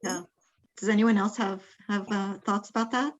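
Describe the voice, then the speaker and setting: A woman's voice: medium pitch, fairly even intonation, normal speed, highs cut off, slight background noise. A woman moderating a question-and-answer session on a video call, speaking conversationally with ums. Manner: conversational, with ums, asks questions and reads one out.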